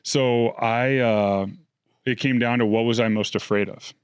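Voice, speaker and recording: A man's voice: mid-range voice, steady tone, measured pace, smooth, no echo, clean studio sound. Earnest man telling his story. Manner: earnest, reflective, emotional retelling. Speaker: interview guest. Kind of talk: candid storytelling.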